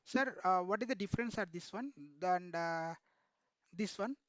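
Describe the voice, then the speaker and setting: A man leads an online technical class, pausing often to ask the students questions and calling them sir. His voice sits high and comes across smooth and resonant. The sound is dry and muffled. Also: fairly bright tone, dry recording. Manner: repeatedly quizzes students, addresses them as sir. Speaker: instructor.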